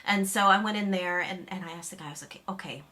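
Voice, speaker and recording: Woman, American accent, bright tone, fairly low pitch, casual vlog chat, rambling, lots of fillers. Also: fast talker. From United States. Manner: chatty and rambling, with frequent fillers, restarts and little laughs. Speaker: YouTube vlogger.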